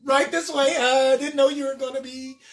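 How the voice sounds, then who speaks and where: A man's voice: very high voice, little pitch movement, normal speed. A man voicing a prim, polite receptionist who sounds hesitant and overly courteous, in a live comedy stream. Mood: fake polite. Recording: echoey room, far mic, faint music.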